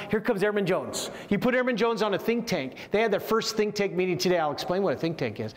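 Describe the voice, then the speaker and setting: A man teaching a leadership communication course to military officers, lively and full of rhetorical questions. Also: sits high, fast talker. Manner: lively, asks the audience frequent rhetorical questions. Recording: echoey hall with long reverb.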